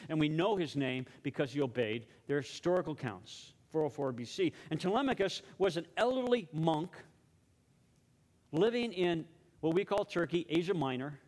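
A male pastor delivering a sermon with dramatic storytelling. His voice sits a little high. He goes quiet and hushed when he leads prayer.

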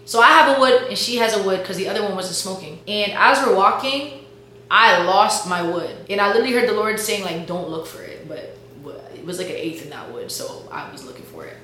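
A woman's voice: mid-range voice, expressive, brisk, bright, forceful tone. A young woman, a college student, casually telling a faith testimony in a chatty, slangy way, full of "like" and "bro". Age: young adult. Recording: very echoey room with faint hum.

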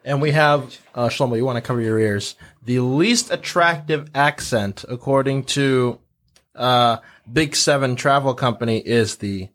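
A man's voice: mid-range voice, a little slow, fairly bright tone. A man on a casual podcast panel, leading a list and joking with impressions. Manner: jokey, slips into impressions of accents. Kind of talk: casual chat.

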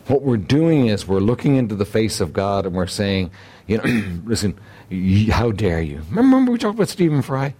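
A man preaching a sermon, emphatic and repetitive, often clearing his throat and asking rhetorical questions. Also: fairly low pitch, very animated, brisk, dark tone. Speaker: pastor.

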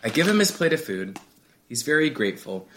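A man's voice: mid-range voice, very animated, fairly quick, fairly bright tone, a little hiss or hum. Guy cohosting a podcast, voice swings all over, acts out the people in his story. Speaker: podcast co-host. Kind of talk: casual chat.

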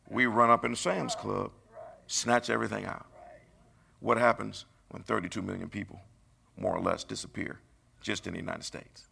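Gravelly preacher man, bright delivery. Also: on the low side, level tone, normal speed. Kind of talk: sermon.

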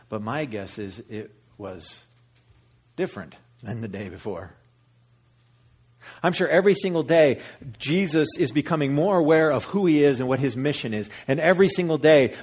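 A man preaching a sermon, animated and storytelling, acting out voices with big jumps in pitch. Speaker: pastor.

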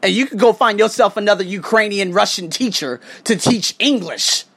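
A man venting to his audience in a casual, foul-mouthed monologue, his pitch climbing and plunging all over the place. He flips from loud, heated outbursts to quiet, muttered asides, like a teacher who has had enough. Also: expressive, normal speed. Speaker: English teacher and podcaster. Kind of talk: casual ranting monologue to viewers.

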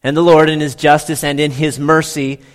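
A man's voice: on the high side, little pitch movement, normal speed. Man preaching with dramatic swings. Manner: dramatic storytelling, big swings between loud and hushed. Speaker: pastor. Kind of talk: sermon.

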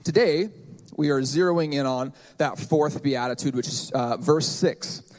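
A man's voice: fairly high pitch, unhurried, darkish tone. A man in his thirties preaching a sermon in a church, conversational and joking, with playful asides. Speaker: pastor.

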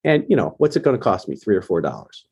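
A man's voice: low voice, very animated, fast, dark tone, husky, muffled recording. A middle-aged man, a bereaved father, speaking earnestly and emotionally as a podcast guest. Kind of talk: podcast interview.

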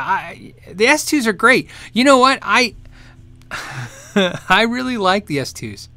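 Animated, high-voiced man chatting on a stream. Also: no echo. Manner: animated, laughs often, rambling restarts. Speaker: host reading viewer questions. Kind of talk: casual livestream chat.

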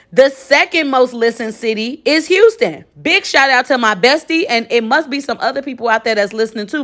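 A woman in her forties, originally from Chicago, hosts a solo podcast recap in a loose, chatty way. Her voice sits a little high, and she speaks straight to her listeners, often tagging her sentences with a quick check-in. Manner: chatty, animated, lots of direct address and 'okay?'. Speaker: podcast host.

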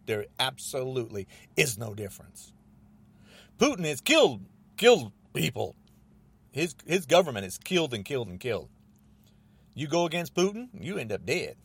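An angry American man ranting about politics on his own podcast, speaking at a medium pitch. He is agitated and repetitive, and his voice often climbs almost to a shout.

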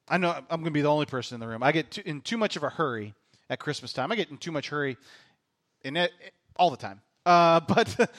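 A middle-aged male pastor preaching a sermon, animated, swinging from loud exclamations to hushed, near-whispered phrases. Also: a little high.

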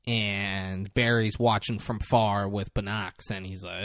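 A man's voice: on the low side, slow pace, no room sound, clean studio sound. A man co-hosting a casual chat show, retelling a movie scene by scene with swearing and acted-out lines. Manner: animated, swearing, acts out characters' lines. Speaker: podcast co-host recapping a movie.

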